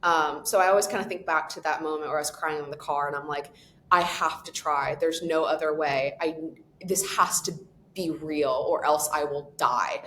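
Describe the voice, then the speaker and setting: A woman with a fairly low voice talks as an interview guest. She is animated and expressive and laughs easily. Her words ring a little in a roomy, echoey space. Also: slight background noise. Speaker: podcast creator and guest. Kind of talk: conversational interview answers. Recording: echoey room.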